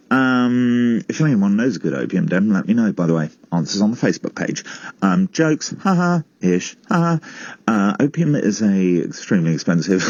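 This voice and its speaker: A man's voice: on the low side, darkish tone, slightly rough, no room sound, highs cut off. A man presenting a comic podcast segment, rambling with self-mocking, sweary asides.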